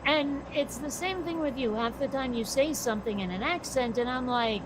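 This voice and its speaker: An American woman co-hosting a casual chat, blunt and quick to swear. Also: sits high. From United States. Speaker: podcast co-host. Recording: noisy background.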